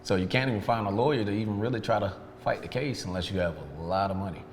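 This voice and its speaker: A deep-voiced interview guest who runs a detailing business talks frankly about his history, quoting what people said along the way. There's slight background noise, a long reverb, and faint room ambience.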